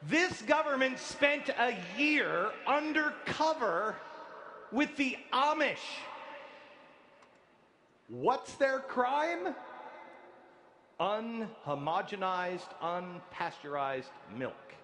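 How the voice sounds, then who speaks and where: A man giving a sarcastic speech at a convention, incredulous and building to shouts. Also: high voice, expressive, takes it slowly, slight background noise. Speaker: speaker at a convention.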